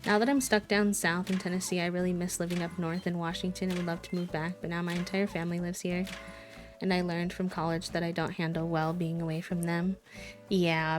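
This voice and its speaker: A woman from Wisconsin chatting casually and rambling as a live streamer while she plays a video game. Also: lowish voice. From Wisconsin, USA.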